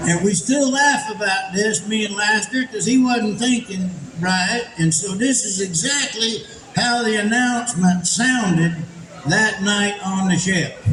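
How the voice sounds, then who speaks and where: A man's voice: sits high, a little slow, a bit bright. A man doing live stand-up, telling stories with a drawling, folksy delivery. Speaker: stand-up comedian. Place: large indoor event venue. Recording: echoey venue with background noise.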